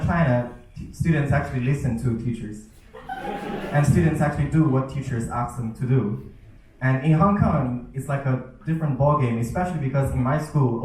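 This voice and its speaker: A man's voice: medium pitch, slight background noise. A young man performing a stand-up comedy set, telling stories about his teaching and acting out his students' voices. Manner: storytelling with acted-out student voices. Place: event hall with a live audience. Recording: echoey hall, mic heard from a distance.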